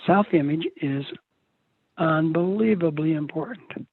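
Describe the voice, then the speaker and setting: An older man with a husky, slightly high voice gives a motivational talk full of folksy stories and jokes. The sound is tinny and dry, like audio from a video call. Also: unhurried, no echo. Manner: folksy, joking storyteller. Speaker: motivational speaker. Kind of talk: live seminar talk.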